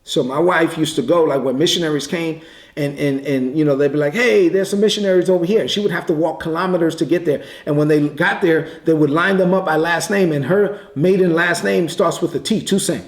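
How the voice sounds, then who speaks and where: Echoey preacher man telling a story. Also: a little high. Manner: conversational, repeats words, quick bursts. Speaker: pastor. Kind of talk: sermon storytelling. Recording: echoey room.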